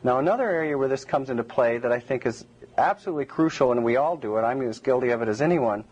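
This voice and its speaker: Husky-voiced male lecturer, rambling. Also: medium pitch, fast talker, darkish tone, highs cut off. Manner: rambling and digressive, many restarts. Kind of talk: public lecture to a live audience.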